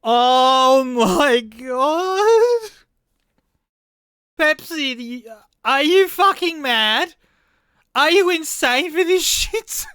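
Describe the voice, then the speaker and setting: A woman vlogger rambles through strange sodas with an unhurried, drawn-out delivery, breaking into incredulous swearing and stammered disbelief. The sound is close and dry, with faint music underneath. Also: fairly high pitch, a bit bright, no room sound. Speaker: vlogger reacting to odd sodas. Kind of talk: casual reaction commentary.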